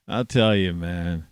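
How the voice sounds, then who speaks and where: A man ranting to camera in a rambling, profane monologue, scornful and swearing constantly, with sudden loud outbursts. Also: sits low, clear, resonant tone, no room sound, clean studio sound. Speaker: vlogger.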